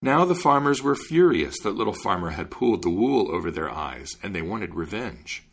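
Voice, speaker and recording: A man reading a fairy tale aloud, lively and expressive, acting out the voices. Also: low voice, normal speed, breathy edge. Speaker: storyteller.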